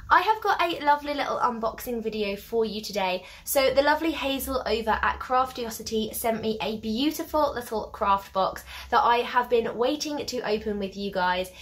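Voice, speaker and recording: A young woman hosts a cheerful craft unboxing vlog, pitched a touch higher than most. Her voice is a little blocked up and hoarse from a cold. She gushes over everything and keeps apologising for the sound of her voice. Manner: warm, effusive, apologetic asides. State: stuffy and slightly hoarse from a cold. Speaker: craft vlogger.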